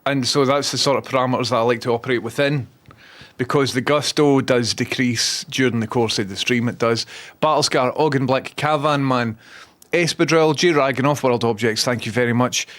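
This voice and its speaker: A man's voice: medium pitch, fairly quick, a bit bright. A man with a Scottish accent hosting a casual livestream, chatty and self-mocking, swearing freely as he talks to his chat. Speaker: livestream host.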